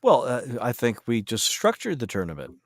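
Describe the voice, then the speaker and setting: A man's voice: mid-range voice, wildly swooping pitch, moderate pace, no echo, studio quality. Inquisitive man, podcast chat. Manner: inquisitive, steering talk with questions. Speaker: podcast co-host. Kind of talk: casual round-table chat.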